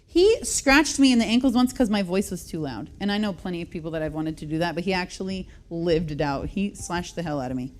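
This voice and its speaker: A woman's voice: fairly low pitch, expressive, fairly quick, few pauses, a little mellow. A woman in her thirties hosting a radio show, telling a long story in a chatty, self-mocking way and laughing often. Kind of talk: casual radio chat, storytelling.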